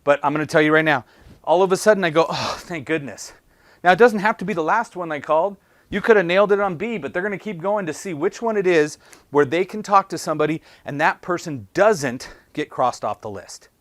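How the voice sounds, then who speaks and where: A man gives a sales training talk in a slightly high voice at a fairly quick clip, recorded dry. Animated throughout, he poses punchy rhetorical questions and acts out callers and salespeople.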